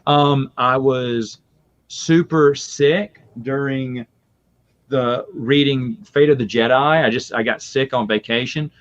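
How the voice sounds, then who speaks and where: A man chatting casually as a podcast guest, telling lively stories and laughing often. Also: mid-range voice, slow pace. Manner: lively storytelling with frequent laughs. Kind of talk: casual chat. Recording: muffled lo-fi audio.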